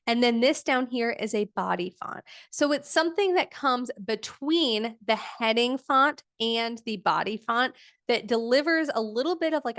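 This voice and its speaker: A woman's voice: on the high side, a bit bright, no room sound, studio quality. A woman teaching a live online design workshop, casual and chatty with lots of fillers like "um" and "like".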